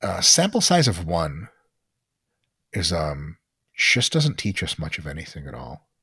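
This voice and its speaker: A man speaking as a guest expert on a podcast, explaining training science bluntly and emphatically and sometimes swearing, in quick lecturing runs. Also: sits low, sing-song, sharp tone, slightly rough, no room sound, studio quality. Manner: blunt, emphatic, sprinkles in profanity. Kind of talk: podcast interview talk.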